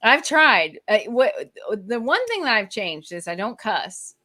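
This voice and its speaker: A woman's voice: on the high side, big pitch swings, a little slow, bright, forceful tone. A woman co-hosting a casual podcast at home, reflective and full of "you know" fillers. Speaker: podcast co-host. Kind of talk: casual chat. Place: at home with a toddler nearby.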